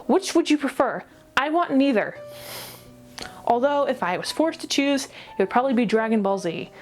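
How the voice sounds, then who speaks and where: A woman reviewing an anime in a ranty vlog, exasperated, rapid and swearing. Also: a little high.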